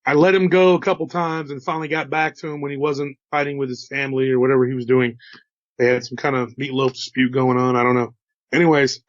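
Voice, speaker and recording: A man's voice: a little high, no echo, muffled recording. A man with a slight Texas drawl telling a story in a casual, chatty way, with folksy asides to his listeners. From Texas, USA. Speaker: host telling encounter stories.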